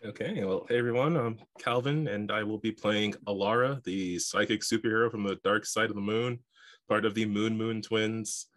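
A chatty man with a lowish voice talks casually about his character on a tabletop stream. He laughs easily as he talks. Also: fairly even intonation, moderate pace, a bit bright. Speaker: player. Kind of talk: casual chat on a game stream.

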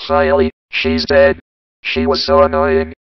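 A robot alien killer, super deep flat monotone, crisp but kinda dull lo-fi sound. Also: unhurried, no room sound. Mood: cold. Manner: monotone commands, harsh and clipped. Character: menacing alien war machine, cold, relentless. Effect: robot filter.

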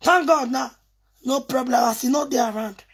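A woman with a Nigerian accent, rambling excitedly in a casual video message, mixing pidgin and English. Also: high voice, normal speed, breathy edge. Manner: mixes pidgin, English and local languages, excited and teasing.

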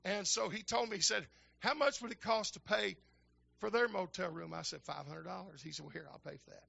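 An older man, a minister telling folksy stories in a sermon that build to shouting fervor. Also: high-pitched, brisk, creaky, slightly rough, dull audio. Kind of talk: storytelling sermon.

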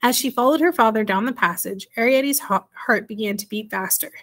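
A woman reading a children's storybook aloud in a measured way, now and then correcting herself. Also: on the high side, fairly bright tone. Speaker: reader.

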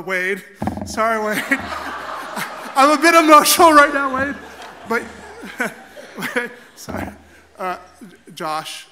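A man's voice: fairly high pitch, bright, forceful tone. A young man, a Catholic priest, giving an earnest, heartfelt eulogy for his grandfather in a church. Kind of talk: funeral eulogy.

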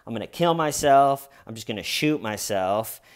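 A man's voice: medium pitch, animated, moderate pace, clean tone, close to an everyday voice. A man voicing a panicky middle-aged man caught in a sting, whining and pleading as he repeats himself over and over. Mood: frantic.

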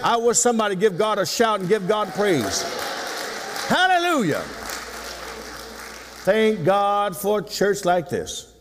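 A man's voice: high-pitched, big pitch swings, unhurried, long pauses, noisy background. Older preacher guy in his 60s, teasing and folksy, voice swings all over, long church echo. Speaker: pastor. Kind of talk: sermon. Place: church sanctuary. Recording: long hall reverb.

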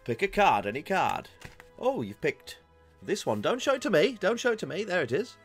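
A man putting on a smug male stage magician, with hushed, mock-mysterious patter during a comic board game bit. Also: high voice, very animated, moderate pace, faint music behind, pitched above the performer's own voice.

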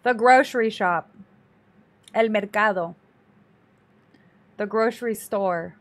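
A woman's voice: mid-range voice, slow pace. A woman streamer reacting to a video in casual commentary, dramatic and exclaiming, talking to her chat.

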